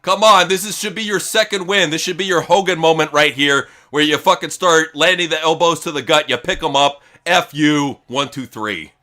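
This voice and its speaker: A man co-hosting a live wrestling watch-along, giving excitable, profane play-by-play and chatting between moves. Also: fairly high pitch, normal speed, hardly any pauses. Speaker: co-host. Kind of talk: live reaction commentary.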